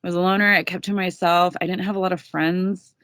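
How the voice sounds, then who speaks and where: A woman's voice: lowish voice, steady tone, fast, fairly bright tone, dry recording. A young woman, a podcast guest, telling her story in a candid, casual way, swearing freely.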